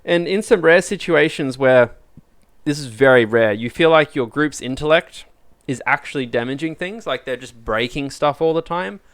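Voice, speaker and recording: Smooth-voiced casual male lecturer. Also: fairly high pitch, normal speed, a bit bright, no room sound. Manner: chatty, conversational, acts out student dialogue. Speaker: university lecturer. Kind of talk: casual live-streamed lecture.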